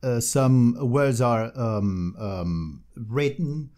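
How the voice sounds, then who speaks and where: A man co-hosting a casual chat, telling anecdotes in an animated way and laughing often. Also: mid-range voice, drawn-out words. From Brazil. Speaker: podcast co-host. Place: Brazil.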